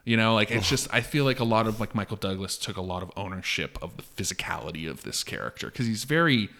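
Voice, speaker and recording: A married man co-hosting a podcast, chatting casually about a film, rambling with lots of "like" and loud acted-out quotes. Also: lowish voice, animated, fast. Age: adult, long married. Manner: rambling, heavy on "like", acts out quotes with big jumps in loudness. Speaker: podcast co-host.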